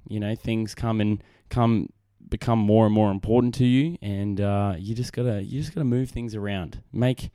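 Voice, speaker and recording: Hosting his casual solo podcast, a young Australian man talks in a lowish, mellow voice. He wanders off topic, mocks himself, and frequently restarts or reaches for fillers. The sound is clean studio audio from an on-camera desk microphone, without any room sound.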